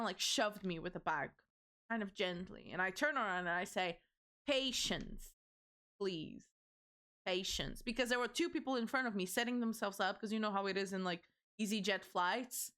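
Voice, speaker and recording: A woman's voice: medium pitch, a bit bright. A young adult woman streamer chatting casually on a livestream, rambling through stories and swearing freely.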